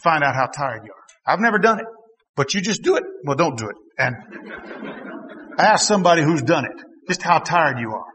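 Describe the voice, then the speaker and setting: Man, preacher, sermon, high voice, ringing bright tone, long hall reverb. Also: moderate pace, a little hiss or hum. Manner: animated preaching, rising to shouts, with laughs and asides. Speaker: pastor. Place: church hall.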